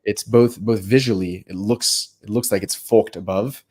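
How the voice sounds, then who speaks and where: Co-hosting a live text study stream, this man discusses with energy, often restarting phrases as his thoughts develop. He speaks at a normal pace in a fairly low, darkish voice with fairly even intonation.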